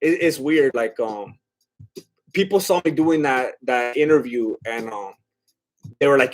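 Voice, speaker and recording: A man's voice: medium pitch, measured pace, long pauses. A man streaming live, reading chat and rambling casually with lots of fillers and laughs. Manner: rambling, filler-heavy, self-deprecating laughs.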